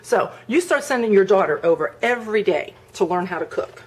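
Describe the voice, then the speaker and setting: A woman's voice: mid-range voice, expressive, a little fast, close to an everyday voice. Bossy older Italian-born woman neighbor, insistent and firm, quoted by a woman vlogger.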